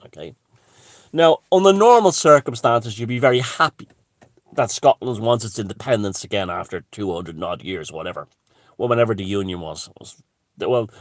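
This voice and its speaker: A man's voice: fairly low pitch, no echo, studio quality. A man giving a heated, rambling political monologue, swearing and restarting his sentences. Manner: heated, profane, full of restarts and asides. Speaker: commentator.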